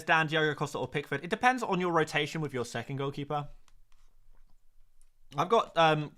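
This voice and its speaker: A man hosting a fantasy football live stream, reading out viewer questions and chatting in an excitable, jokey way. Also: medium pitch.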